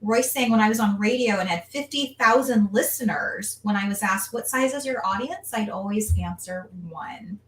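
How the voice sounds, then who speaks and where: A woman hosting a casual live stream, lively, reading viewer comments aloud. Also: on the high side, moderate pace, hardly any pauses. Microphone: video call. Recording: echoey room, distant from mic.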